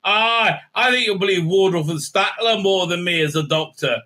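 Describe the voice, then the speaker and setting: A man voicing a mocking parody of a dithering woman time traveller, in a high, squeaky voice full of exaggerated exclamations. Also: normal speed, pushed and bright. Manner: sneering, mocking.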